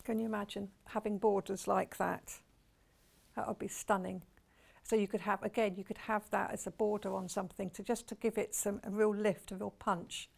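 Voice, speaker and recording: Chatty, gravelly woman selling fabric. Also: mid-range voice, level tone, moderate pace. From United Kingdom. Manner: chatty and enthusiastic, lots of gushing praise. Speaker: shopping channel presenter. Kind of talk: live TV sales presentation.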